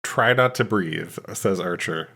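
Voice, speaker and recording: A man's voice: low voice, unhurried, creaky, sharp tone, breathy edge. A man co-hosting a podcast in casual chat, making wry, crude joking asides. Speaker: podcast co-host.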